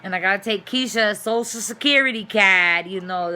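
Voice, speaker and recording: A woman's voice: medium pitch, fairly quick, hardly any pauses, a little hiss or hum. A middle-aged woman, chatting casually and rambling in her own vlog. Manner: chatty, rambling, signs off loudly. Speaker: vlogger. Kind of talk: casual chat to camera.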